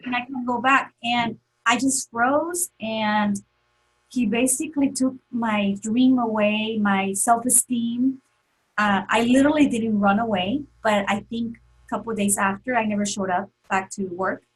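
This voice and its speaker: Female guest recounting a painful past in an earnest, emotional way, husky and somewhat high-pitched. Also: fairly even intonation, unhurried, rough recording. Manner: earnest, emotional, many fillers and restarts. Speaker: interview guest. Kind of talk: emotional personal story in an interview.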